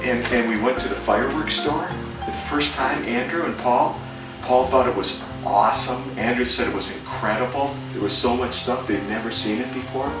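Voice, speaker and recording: Man, husband, fond halting storytelling, roomy room, music behind. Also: mid-range voice. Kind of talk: casual reminiscing with family. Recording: roomy home recording, distant mic, music behind.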